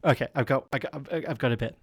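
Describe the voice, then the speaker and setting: A man's voice: mid-range voice, fast talker, breathy edge, dry recording, studio quality. A man hosting a solo comedy podcast, rambling and self-deprecating with lots of fillers and a stuffy nose. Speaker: podcast host.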